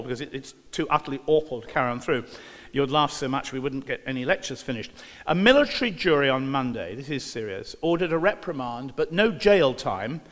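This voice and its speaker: A man's voice: fairly high pitch, fairly bright tone. Sardonic male lecturer in a hall. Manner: dry, sarcastic asides between quoted passages. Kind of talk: sardonic lecture reading from newspapers.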